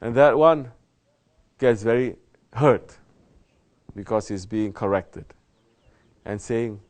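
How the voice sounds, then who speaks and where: A man delivers a spoken sermon in reply to a question, at a middle pitch. He speaks emphatically as a Sufi teacher, often posing rhetorical questions and mimicking the excuses people make. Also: slow pace, long pauses, a little mellow. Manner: emphatic, rhetorical questions, mock-quoting others. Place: Sufi lodge.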